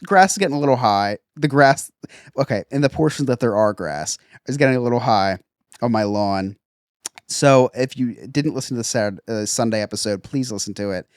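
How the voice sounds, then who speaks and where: A man's voice: mid-range voice, fairly quick, clean tone, dry recording, studio quality. A man co-hosting a podcast who tells stories in casual chat, laughing often and restarting his sentences. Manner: animated storytelling, frequent laughter and restarts. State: resting an injured ankle. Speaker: podcast co-host.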